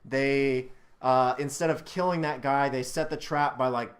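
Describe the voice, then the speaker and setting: A man's voice: medium pitch, steady tone, measured pace. A young man hosting a casual film review chat, ranting with exasperated anger and plenty of swearing. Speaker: channel host reviewing a film.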